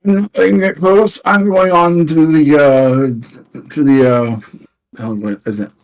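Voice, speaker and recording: A man playing a tabletop game, talking casually and haltingly. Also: a little high, steady tone, low-quality recording. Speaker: player.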